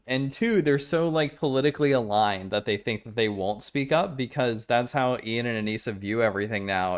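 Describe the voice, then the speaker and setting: Blunt, lively-voiced male streamer. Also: mid-range voice. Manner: blunt, profane, rambling, trails off and restarts. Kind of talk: live-stream reaction commentary.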